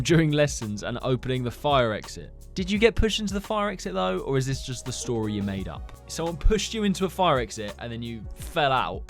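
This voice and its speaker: Animated young man reacting. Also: medium pitch. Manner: animated, sarcastic, laughs between comments. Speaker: host. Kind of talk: casual reaction commentary.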